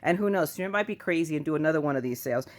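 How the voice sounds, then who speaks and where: A woman's voice: sits low, lively intonation, racing. A woman chatting casually at home in a craft haul video, goofy and self-mocking as she shows her finds. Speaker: craft vlogger.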